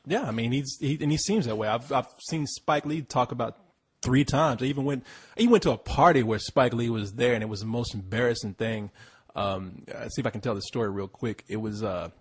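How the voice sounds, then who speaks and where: Husky man telling a rambling story. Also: normal speed. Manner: rambling, swears freely, repeats words, pitch leaps when mimicking. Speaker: podcast co-host. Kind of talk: casual storytelling chat.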